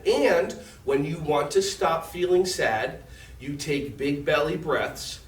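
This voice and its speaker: A man leading a children's yoga lesson in a gentle, encouraging, playful way. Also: fairly high pitch, expressive, slow pace, a little hiss or hum. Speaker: kids yoga instructor. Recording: echoey room, mic at a distance.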